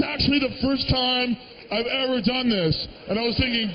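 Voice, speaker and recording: A man from the Boston area performing a stand-up comedy set, telling stories in an animated, profane way. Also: very high voice, normal speed, long reverb tail, lo-fi sound.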